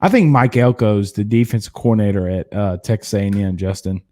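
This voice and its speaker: A man in his thirties from Louisiana hosting a casual sports stream, reading viewer comments and telling stories in a blunt, animated way. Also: fairly low pitch, fairly quick. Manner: animated storyteller, hums drum beats, blunt. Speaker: sports show host.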